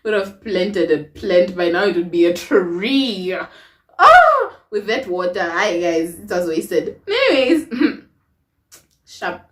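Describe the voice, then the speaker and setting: A young woman telling a personal story to her viewers in a casual, expressive way, laughing often. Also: lowish voice, slow, far from the mic. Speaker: storytime vlogger. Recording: roomy echo, away from the mic.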